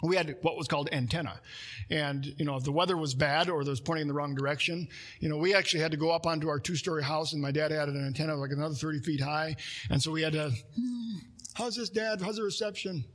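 Bright, husky-voiced preacher man. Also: on the high side, steady tone, fast talker. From Minnesota. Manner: conversational preaching with asides and jokes. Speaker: pastor. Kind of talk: sermon.

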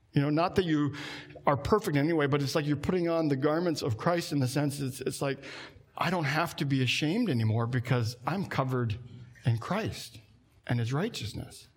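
A man preaching a sermon in a conversational way, slowing down and dropping his voice for emphasis. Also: fairly bright tone. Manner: conversational preaching, slows down and drops low for emphasis. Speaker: pastor.

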